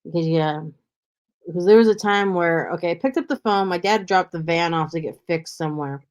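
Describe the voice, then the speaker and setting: A woman's voice: on the low side, a little fast, darkish tone. A woman hosting a podcast, chatting casually and animatedly, often slipping into mimicked accents as she talks. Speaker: podcast host. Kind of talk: casual interview chat.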